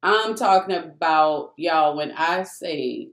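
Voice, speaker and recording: Animated woman telling a faith story. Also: low-pitched, moderate pace. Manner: animated, emphatic, addresses listeners as "y'all". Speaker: testimony speaker. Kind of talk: faith testimony, casual storytelling. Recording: echoey room.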